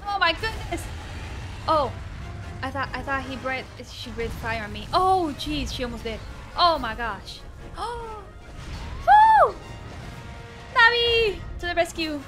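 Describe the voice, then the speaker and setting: A woman streamer reacting to a game she is playing, full of excitable yelps, exclamations and giggles. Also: sits high, normal speed, music in the background. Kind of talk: live gameplay commentary.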